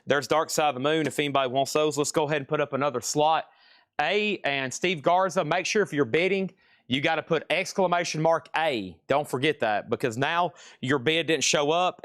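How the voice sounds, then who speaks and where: A man running a live online record auction, chatty and jokey as he calls out prices and the names of buyers. His voice sits a bit high for a man. The sound is close and dry, with no room echo. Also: brisk, fairly bright tone. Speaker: live-stream record seller. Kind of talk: live auction sales patter.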